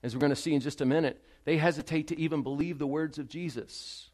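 A male pastor delivers a sermon in a fairly high voice. He swings between hushed, quiet passages and loud, stressed lines, speaking straight to the congregation. He repeats his key phrases to drive them home. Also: steady tone, fast talker.

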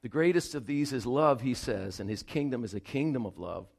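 A man's voice: medium pitch, animated, fairly quick, vocal fry, a little mellow. A male pastor preaching a sermon, speaking earnestly and rising to emphatic appeals to the congregation.

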